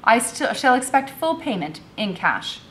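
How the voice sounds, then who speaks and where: A woman's voice: a little high, sing-song, measured pace, a bit bright, slight background noise, voice pushed up. Woman reading as haughty rich mistress, cold, demanding, slightly raised voice. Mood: imperious. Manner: imperious, demanding. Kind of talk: reading a novel aloud.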